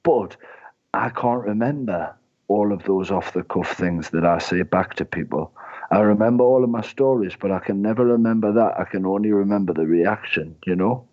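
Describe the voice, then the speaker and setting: A man's voice: lowish voice, moderate pace, mellow. A man, giving long, rambling, self-mocking answers as an interview guest. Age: 20s. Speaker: guest, comedian and sales director. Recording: dull lo-fi sound.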